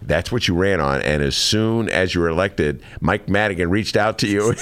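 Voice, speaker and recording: A man's voice: sits low, normal speed, a bit bright, clean tone. A man hosting a radio talk show, speaking in a wry, easygoing drawl. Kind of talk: casual radio chat and interview.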